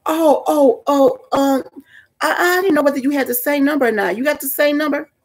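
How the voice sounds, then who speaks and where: A woman's voice: high-pitched, fairly quick, voice pushed up. A woman voicing a flustered, stammering man caught off guard. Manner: stammering, repeating himself.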